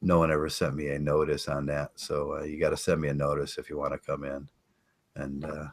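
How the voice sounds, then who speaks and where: An older man hosting a casual podcast, rambling and chatting with listeners, halting with many fillers and restarts. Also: very deep voice, completely flat delivery. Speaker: podcast host. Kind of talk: casual live-stream chat.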